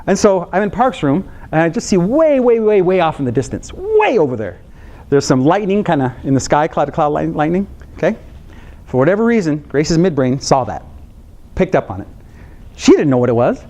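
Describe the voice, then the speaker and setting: A man's voice: fairly high pitch, fairly quick. A middle-aged man, a psychologist, telling a story in a talk to counselors and acting out his daughter's reactions. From United States. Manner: animated, acts out his daughter's reactions with laughs and gasps.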